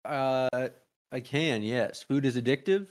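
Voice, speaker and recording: Co-host, man, mid-pitch, deadpan quips. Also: takes it slowly. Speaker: podcast co-host. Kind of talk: casual chat.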